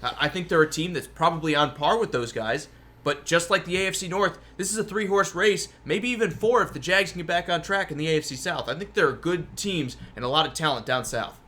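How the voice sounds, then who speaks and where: A man co-hosting a sports talk show, giving opinions in a casual, animated way. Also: on the high side, brisk. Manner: opinionated, animated, talks in long runs. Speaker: podcast co-host.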